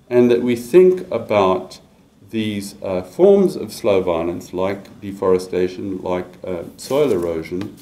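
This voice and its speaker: Male professor, low mellow voice, halting academic lecture delivery with restarts. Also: a little hiss or hum, poor audio. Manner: measured, with many fillers and restarts. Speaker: university lecturer.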